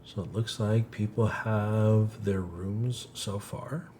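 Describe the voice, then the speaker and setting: Low-voiced joking game master man. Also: fairly even intonation, takes it slowly, dark tone, a little hiss or hum. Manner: joking, laughs often. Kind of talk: narrating a tabletop game on a live stream.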